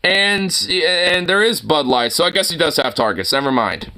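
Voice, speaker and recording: High, bright-voiced man ranting. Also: moderate pace. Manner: excitable, swears constantly, breaks into outraged shouts. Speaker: reaction commentator. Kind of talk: profane rambling reaction commentary.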